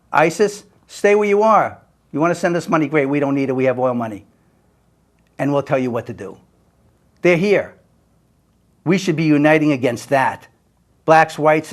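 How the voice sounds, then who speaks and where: An older man from the United States giving an earnest personal monologue. He speaks emphatically, swinging between forceful and hushed. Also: fairly high pitch.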